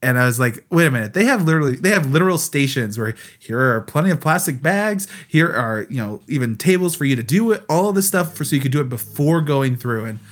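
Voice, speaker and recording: Chatty man telling an animated story. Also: mid-range voice, fast talker, hardly any pauses. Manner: animated storytelling, quotes himself in voices. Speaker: podcast co-host. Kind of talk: casual chat.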